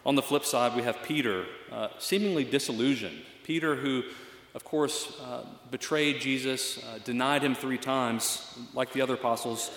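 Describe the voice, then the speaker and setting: A man's voice: medium pitch, moderate pace, few pauses, fairly bright tone. Man preaching in an echoey hall. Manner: reflective, conversational preaching with fillers. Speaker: pastor. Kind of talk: sermon.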